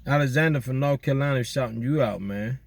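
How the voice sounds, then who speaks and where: Male vlogger, casual slangy shout-out chat, outdoors at night. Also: medium pitch, fast talker, vocal fry, no room sound. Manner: relaxed slangy banter with listeners. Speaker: vlogger doing viewer shout-outs.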